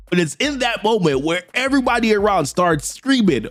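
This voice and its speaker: A man casually recapping a comic story in a slangy, excited way, as host. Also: high-pitched, a little fast, hardly any pauses, no echo.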